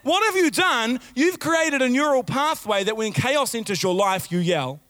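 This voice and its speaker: A man preaching a sermon as pastor, animated, with sudden shouted outbursts and repeated phrases. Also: very high voice, moderate pace, dry recording.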